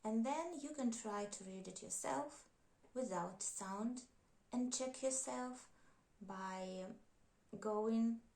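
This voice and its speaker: A woman with a Russian accent, a native Russian speaker, teaching a reading lesson and slowly repeating each example word twice. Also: on the high side, warm tone. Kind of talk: slow, careful language lesson. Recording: echoey room.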